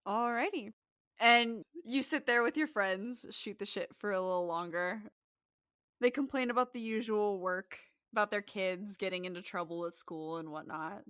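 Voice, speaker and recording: A woman running a tabletop game as game master, chatty and laughing as she narrates. Her voice is bright and clear, recorded in a dry room. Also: medium pitch, moderate pace, dry recording.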